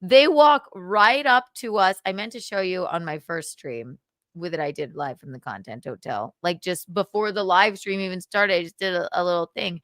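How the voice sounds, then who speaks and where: A woman's voice: fairly low pitch, normal speed, a bit bright, dry recording. A young adult woman hosting a casual livestream, gossiping, laughing and swearing freely. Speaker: livestream host.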